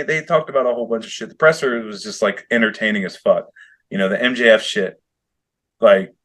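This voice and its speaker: A man co-hosting a casual podcast chat, telling stories in an animated way, swearing a lot and laughing often. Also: mid-range voice. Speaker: podcast co-host.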